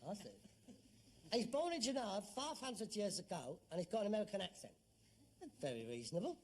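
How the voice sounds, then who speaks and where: A man's voice: high-pitched, lively intonation, fairly quick, noisy background. A middle-aged man with a London Cockney accent, acting a grown son in a sitcom, sarcastic and exasperated. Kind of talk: 1970s British sitcom acting.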